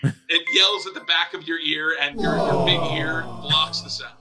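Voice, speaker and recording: A man running a tabletop game as dungeon master, narrating lively and acting out monster screams. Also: a little high, normal speed, over loud music.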